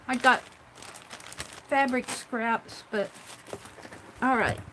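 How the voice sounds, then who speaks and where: A woman hosting a casual craft livestream from her home craft room, talking herself through each step in a chatty way. Her voice sits a little high and she speaks slowly. Faint noise hums behind her. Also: steady tone.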